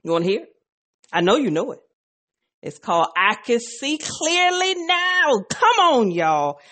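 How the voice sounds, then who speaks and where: A woman's voice: fairly high pitch, unhurried. A woman hosting a faith podcast in a casual, playful way, joking with listeners and a little out of breath. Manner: playful, animated, sings along off key. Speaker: podcast host.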